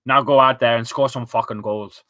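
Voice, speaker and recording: A man's voice: medium pitch, fairly even intonation, moderate pace, bright, forceful tone, no room sound, pitched below the performer's own voice, lightly acted. A man imitating a male football manager giving an earnest, repetitive pep talk to his players. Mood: rousing.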